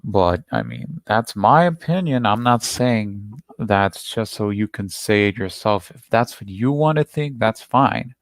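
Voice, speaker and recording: A man's voice: lowish voice, big pitch swings, measured pace, hardly any pauses, no room sound. A man hosting a reaction video, talking through a played clip in a rambling, repetitive, defensive way. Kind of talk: casual commentary on a played clip.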